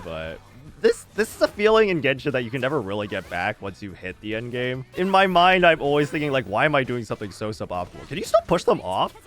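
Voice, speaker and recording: A man from the United States giving casual, chatty gameplay commentary, laughing often and reacting loudly. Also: medium pitch. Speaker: streamer playing a game.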